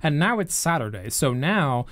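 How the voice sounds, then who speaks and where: A man's voice: on the high side, very animated, normal speed, fairly bright tone, dry recording, clean studio sound. A man co-hosting a casual podcast, rambling with lots of fillers and frequent laughs. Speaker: podcast co-host. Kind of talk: casual chat.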